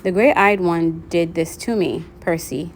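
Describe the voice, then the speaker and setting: A woman's voice: lowish voice, a little slow, slight background noise, natural voice. A woman reading aloud, voicing a sly female monster disguised as an old woman who speaks in a soothing, coaxing purr.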